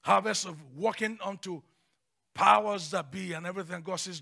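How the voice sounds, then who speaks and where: A male pastor preaches with passion, dropping to near-whispers before bursting into shouts. His voice sits high and sounds gravelly. The tone is very bright and cutting. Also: steady tone, moderate pace. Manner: passionate, swings from hushed to shouting. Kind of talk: sermon.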